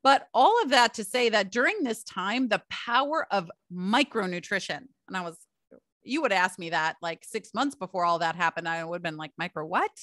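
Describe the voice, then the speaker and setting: A woman's voice: medium pitch, animated, moderate pace, a bit bright, dry recording, clean studio sound. A middle-aged woman hosting a solo podcast, telling personal stories in a chatty way and calling her listeners "you guys". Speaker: podcast host.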